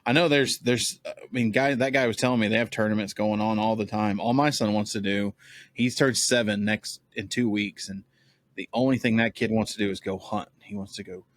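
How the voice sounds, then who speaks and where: A man in his thirties hosting a podcast, telling family stories in a relaxed, chatty way. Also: on the low side, fairly quick, no echo. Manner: chatty, storytelling, laughs often. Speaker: podcast host. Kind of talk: casual chat.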